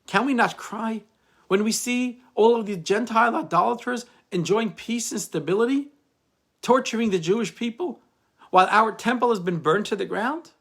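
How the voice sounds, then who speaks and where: A man's voice: high voice, normal speed, creaky, a bit bright, pitched above the performer's own voice, heavily acted. A man voicing grieving ancient rabbis who plead and lament over a ruin. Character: grieving ancient rabbis, older men, anguished.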